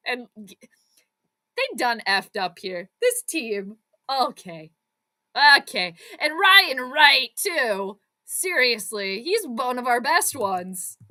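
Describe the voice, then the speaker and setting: High, bright-voiced excitable woman. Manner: excitable, frustrated outbursts, chats with viewers. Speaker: fan channel host. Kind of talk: live sports watch-along commentary.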